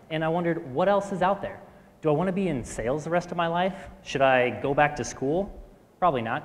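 Fast-talking man on stage in a hall. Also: mid-range voice. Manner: fast-talking, clears throat often. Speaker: speaker at a live talk event. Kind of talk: motivational stage talk. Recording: reverberant hall.

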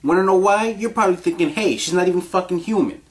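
A man's voice: high voice, quick pace. A man giving casual countdown commentary in a crude, rambling, profanity-heavy way, often laughing.

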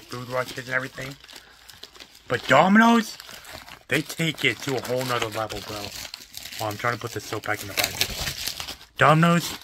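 A young man in a profane, exasperated vlog rant about his fast food job, repeating himself as he vents. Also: medium pitch, pushed and bright, a little hiss or hum. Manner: exasperated, profane, repetitive ranting. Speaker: fast food worker ranting.

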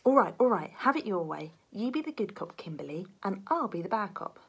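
A man's voice: sits high, big pitch swings, brisk, vocal fry, husky, exaggerated voice. A woman voicing a bossy, impatient male police detective who scolds his partner.

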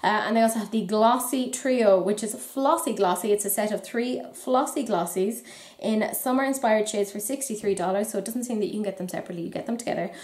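A woman's voice: mid-range voice, brisk, darkish tone, reverberant. An Irish woman chatting casually through new makeup releases, with wry, self-deprecating asides. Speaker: beauty vlogger.

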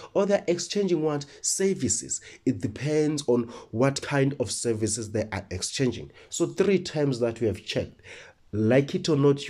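A man's voice: mid-range voice, a little mellow, husky. A man teaching a lesson who asks questions and answers them himself, often repeating words while he thinks. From South Africa. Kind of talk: classroom lesson.

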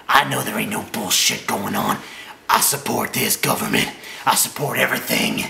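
A vlogger shouting a crude, swearing rant at the camera. His voice is heavily gravelly and bright and cutting. A roomy echo hangs on every word. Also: lowish voice, steady tone, moderate pace, slight background noise. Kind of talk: profane angry rant.

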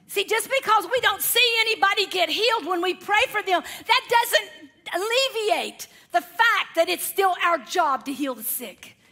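A woman preacher telling a story in a sermon, animated and with laughing asides. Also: extremely high pitch, moderate pace.

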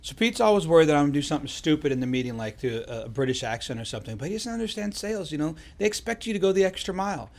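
A man's voice: on the high side, sing-song, rapid-fire, hardly any pauses, a little mellow. A man playing a boastful office manager in an improvised mockumentary, rambling and playful.

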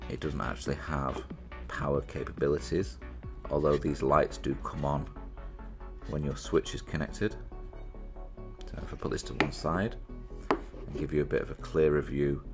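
A British man chatting casually as he demonstrates a product he is unboxing, thinking aloud and poking fun at himself. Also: extremely low pitch. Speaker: reviewer presenting an unboxing.

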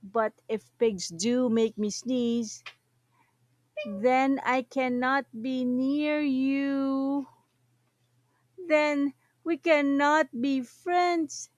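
A woman's voice: high voice, fairly even intonation, extremely slow, no echo, clean studio sound. A woman voicing an anxious male elephant who keeps sneezing, with dramatic, fretful outbursts. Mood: worried.

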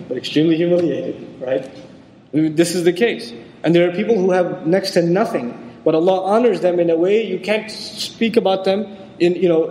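High-voiced man giving an echoey lecture. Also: mellow. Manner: conversational, acts out quoted voices. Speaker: Quran lecturer. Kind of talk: religious lecture. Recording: echoey hall with long reverb.

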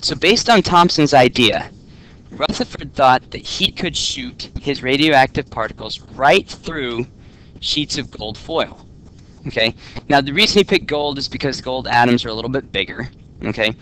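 A man's voice: medium pitch, expressive, moderate pace, pushed and bright. Joking male teacher lecturing a class. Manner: casual and joking, often checks in with "okay?". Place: classroom with students.

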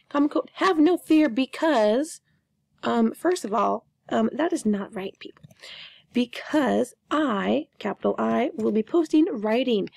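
A woman's voice: on the high side, creaky, mellow, no echo. A young woman teacher giving a chatty, playful online grammar lesson, often repeating her words.

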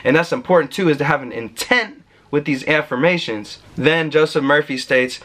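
A man's voice: fairly high pitch, moderate pace, bright, forceful tone. A young man hosting a self-help video, talking casually and emphatically to his viewers, with slang and the odd swear word. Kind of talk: casual motivational talk.

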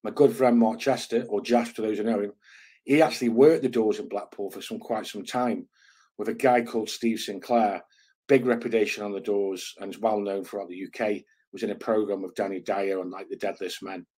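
Husky-voiced man telling a story. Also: on the low side, steady tone, brisk, dark tone. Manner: conversational, earthy slang and asides. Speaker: channel host. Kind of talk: casual storytelling, reading a book extract aloud.

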